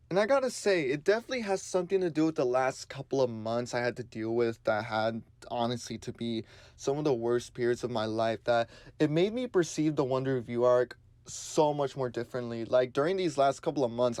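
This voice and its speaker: A man talking through a lisp from fresh braces, earnest and rambling as he hosts his own channel. His voice is smooth and clear at a middle pitch. The sound is dry and close. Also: a little mellow, no room sound. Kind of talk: casual solo commentary.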